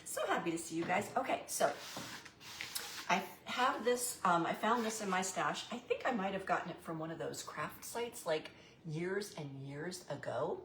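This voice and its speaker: A woman's voice: on the low side, expressive, normal speed, fairly bright tone. A middle-aged woman, chatting casually as host of a craft livestream and greeting viewers by name. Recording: echoey room with faint noise.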